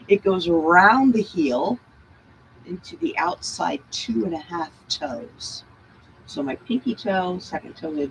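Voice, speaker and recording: A woman instructor calmly guiding a breath and bodywork class, cueing body lines and breathing. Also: on the low side, a little hiss or hum, poor audio. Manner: slow, calm, guiding cues. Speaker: movement instructor.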